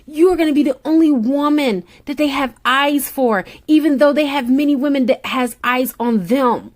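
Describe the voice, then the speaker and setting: Tarot reader lady, kinda high voice, calm and repetitive, talking right at you about love and patience. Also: moderate pace. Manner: soothing, repetitive, speaks straight to the listener. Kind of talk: spiritual motivational talk.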